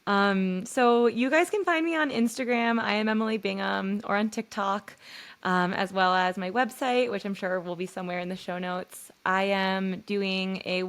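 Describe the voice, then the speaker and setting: A woman's voice: medium pitch, normal speed, fairly bright tone, smooth. A woman guest on a podcast, a spiritual guide and coach, talking earnestly in loose, run-on reflective thoughts full of fillers. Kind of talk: reflective conversation.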